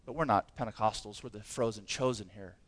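A man's voice: lowish voice, brisk, no room sound. A man preaching a sermon as pastor, impassioned and emphatic, with many rhetorical questions.

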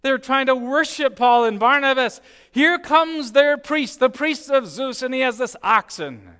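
A man preaching a sermon, telling the story with swings from hushed, slow lines to emphatic ones. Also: very high voice, animated, smooth.

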